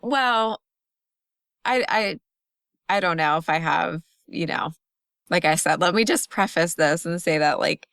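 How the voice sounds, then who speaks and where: A woman joins a podcast as a guest and talks in a hesitant, casual way, leaning on fillers. Her voice is smooth and clear and sits a little low for a woman. The sound is close and dry. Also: unhurried, long pauses, fairly bright tone, dry recording.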